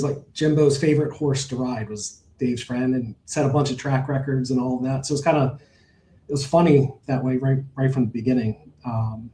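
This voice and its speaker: A man's voice: mid-range voice, warm tone, a little hiss or hum. Rambling man telling stories, roomy sound. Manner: rambling, storytelling with many fillers and restarts. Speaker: horse owner guest. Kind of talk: casual storytelling interview.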